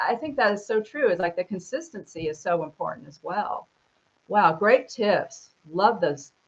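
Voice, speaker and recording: A woman's voice: mid-range voice, a bit bright. Enthusiastic female host, lo-fi sound. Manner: enthusiastic, affirming, chatty. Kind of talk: conversational interview. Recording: dull lo-fi sound.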